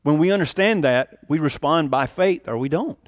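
High-voiced animated preacher man. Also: moderate pace, dry recording, clean studio sound. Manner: animated preaching, acting out quotes with sudden rises and drops. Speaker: pastor. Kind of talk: sermon.

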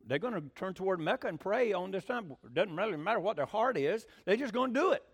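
A lively man preaches in a folksy, conversational way. His voice sits high and leaps around a great deal in pitch as he talks. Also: fast talker, husky. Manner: animated, folksy, with swooping pitch. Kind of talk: sermon teaching.

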